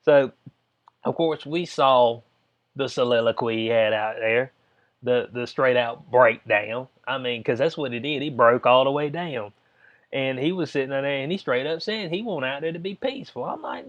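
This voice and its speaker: A man hosting his own channel, talking straight to viewers in a slangy, animated, mocking commentary style. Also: medium pitch, normal speed. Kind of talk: casual reaction commentary.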